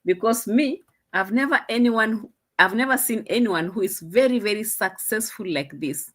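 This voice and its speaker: A woman's voice: medium pitch, normal speed, a bit bright. A young Kenyan woman with a Kenyan accent, chatting in a casual commentary vlog in a mocking tone, laughing often. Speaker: vlogger.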